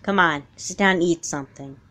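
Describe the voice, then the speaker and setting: A woman voicing a patient, caring mother who speaks in a soft, coaxing way in an amateur doll film. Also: on the low side, fairly quick, lightly acted. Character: gentle, patient mother, caring but firm.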